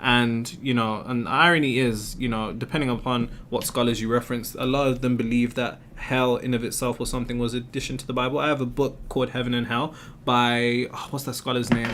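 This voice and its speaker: A man's voice: mid-range voice, little pitch movement, fairly quick, fairly bright tone, a little hiss or hum. A male host answers viewer questions on a live stream. He talks in an emphatic, explaining way and keeps posing rhetorical questions.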